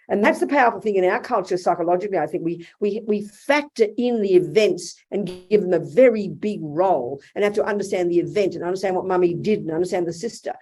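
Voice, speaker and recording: An older Australian woman giving a Buddhist teaching in a blunt, animated way. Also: medium pitch, breathy edge. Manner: blunt, animated, quotes imagined dialogue. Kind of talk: Dharma talk with questions. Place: hotel meeting room.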